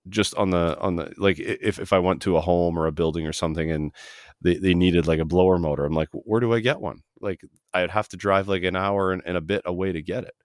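Sitting low in pitch, a man's voice is recorded at studio quality with no echo. He's a Canadian trade-podcast host doing a casual interview from his home basement studio, rambling chattily and often restarting what he's saying.

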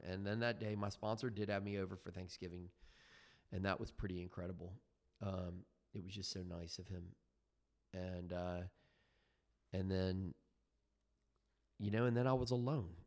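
A deep-voiced man in his fifties recounts his own recovery into a headset microphone. His delivery is halting and reflective, with many ums and restarts as he gropes for words, though his tone stays steady and slightly mellow.

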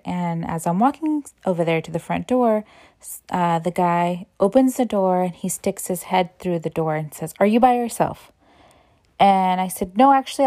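Chatty woman realtor with a lowish voice. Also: a little mellow. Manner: chatty and earnest, acts out the people she quotes. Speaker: real estate agent. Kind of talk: casual storytelling vlog.

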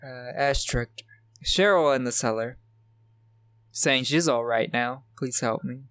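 A podcast co-host with a mid-range, slightly bright, smooth voice speaks slowly as he casually recaps a horror film's plot beat by beat. He laughs often during the chat, and the recording has no echo.

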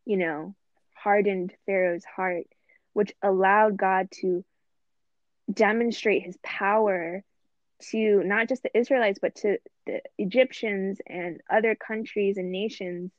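A woman's voice: mid-range voice, steady tone, slow pace, dry recording. A woman co-hosting a casual faith discussion, talking earnestly and reflectively and often quoting scripture. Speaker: podcast co-host. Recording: dry, tinny phone-like line.

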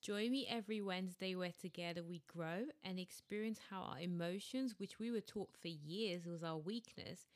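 A woman in her thirties hosting her own podcast, talking candidly and laughing between phrases while she admits she is irritated. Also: fairly low pitch. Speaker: podcast host. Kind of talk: casual solo podcast talk.

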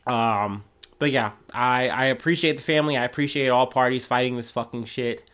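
A man's voice: mid-range voice, normal speed, a bit bright, clean tone. Heated, profane young man ranting. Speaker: podcast host. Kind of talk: casual solo commentary.

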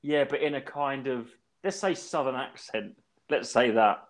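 Casually chatting as a podcast co-host, a man from England in his thirties rambles through a lively story, cursing without restraint. He speaks at a medium pitch, a little slowly, with crowd noise behind him.

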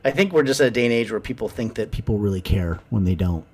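Lively, animated male podcast co-host. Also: on the low side, quick pace. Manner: animated, jokey storytelling. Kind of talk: casual chat.

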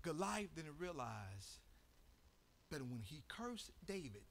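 A man from Chicago preaching a sermon as pastor. He tells a story and then builds into shouted, half-sung preaching. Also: fairly high pitch, big pitch swings, slow, creaky. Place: church sanctuary.

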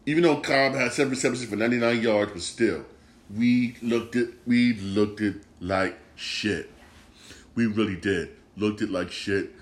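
A man's voice: lowish voice, unhurried, a little hiss or hum. Swearing, frustrated male sports podcaster. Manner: frustrated, swears often, repeats himself. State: upset and disgusted. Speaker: podcast host. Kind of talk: casual sports rant.

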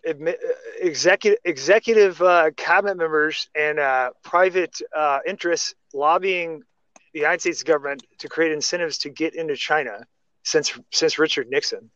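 A man's voice: on the high side, measured pace, fairly bright tone, smooth, no room sound. A man talking casually in a podcast chat, rambling through restarts and tangents. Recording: dry, muffled lo-fi sound.

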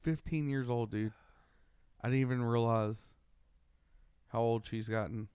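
Man, podcast co-host, teasing banter, crisp voice, dry close sound. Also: medium pitch, fairly even intonation, unhurried, a little mellow, dry recording. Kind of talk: casual podcast chat.

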